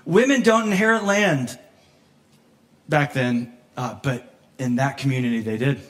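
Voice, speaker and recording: A man with a mid-range voice preaches a little slowly, speaking as pastor in a warm, animated, conversational way. Laughter comes often, he voices the characters he quotes, and emotion brings him near tears at moments.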